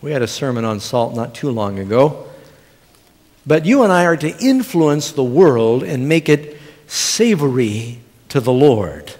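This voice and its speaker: A man's voice: mid-range voice, sing-song, a little slow, a little mellow. Man preaching a sermon in a reverberant church. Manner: storytelling with humor and audience questions. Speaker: pastor. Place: church sanctuary. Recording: long church hall reverb.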